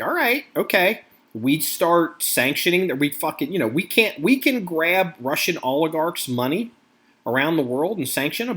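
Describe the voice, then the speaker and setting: A middle-aged American man from the United States hosts a podcast, ranting casually and profanely about current events in a slightly high, somewhat bright voice.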